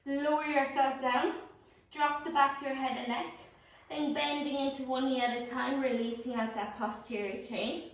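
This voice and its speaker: A woman teaching a pilates workout, giving steady, encouraging cues and counts. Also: high-pitched, moderate pace. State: out of breath at times. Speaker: pilates instructor. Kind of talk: guided workout cueing. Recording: roomy echo, voice from a distance.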